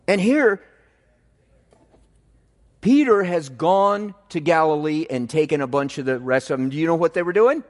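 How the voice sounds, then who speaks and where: A man preaching a sermon, telling the story in an animated way with casual asides to the congregation. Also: a little high, normal speed, long pauses. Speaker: pastor. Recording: long reverb in a large hall.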